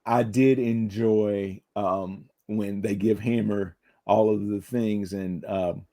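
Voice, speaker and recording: A man's voice: fairly low pitch, steady tone, slow, mellow. A man co-hosting a podcast in casual chat, with a wry, self-deprecating humor. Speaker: podcast co-host.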